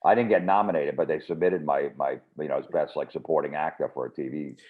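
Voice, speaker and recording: A man's voice: very deep voice, fairly even intonation, fast, background noise. A man guest comedian telling rambling, dry anecdotes in a casual chat. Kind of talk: casual storytelling. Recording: dull lo-fi audio.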